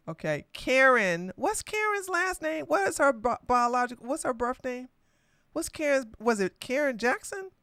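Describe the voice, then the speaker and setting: A woman hosts a political podcast in a bright, smooth voice. She is emphatic and blunt, laughing often and using slang. Her delivery is slow and drawn out, recorded dry and close. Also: high-pitched, very animated, no echo. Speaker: podcast host.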